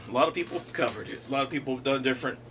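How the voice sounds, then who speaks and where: A man's voice: mid-range voice, very fast, noisy background. A man hosting his own rockabilly music show, chatting casually between songs with easygoing asides. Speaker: rockabilly singer and show host. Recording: loud guitar music under the voice.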